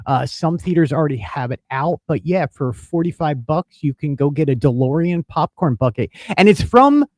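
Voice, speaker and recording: A man's voice: a little high, animated, normal speed, darkish tone, no room sound. A man co-hosting a casual online chat show, upbeat and playful in his banter. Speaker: co-host.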